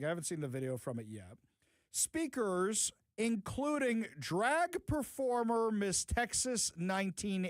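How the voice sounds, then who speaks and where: Animated sarcastic male talk host. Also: sits high, no echo. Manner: sarcastic, animated, mocking asides. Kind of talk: opinionated talk show commentary. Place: radio studio.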